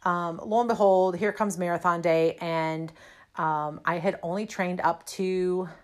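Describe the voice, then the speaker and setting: A woman's voice: on the low side, steady tone, unhurried, darkish tone. A woman who teaches fitness, telling a personal story in a chatty, self-deprecating way with many fillers. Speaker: fitness instructor. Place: lives in a cold, snowy city.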